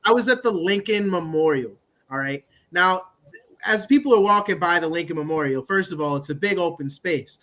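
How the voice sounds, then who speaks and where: A man's voice: high voice, expressive, fairly quick, sharp tone. A man on a live chat, insistently explaining his side at length. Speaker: activist guest.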